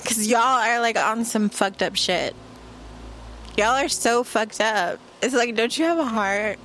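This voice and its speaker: A woman's voice: on the high side, a little slow, a bit bright, a little hiss or hum. A woman hosting her own podcast, ranting in a brash, profane, rambling way, straight to the listener. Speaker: podcast host. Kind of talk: casual solo podcast rant.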